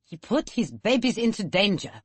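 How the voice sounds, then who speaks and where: A stern, disapproving old mother with a strong German accent, as a woman narrator puts her on. Her voice is pitched above the narrator's own, with a changed, strained timbre, and she speaks in gasping, judgmental bursts. The recording is dry and close. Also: sing-song, normal speed, breathy edge, no echo. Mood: condemning. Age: older.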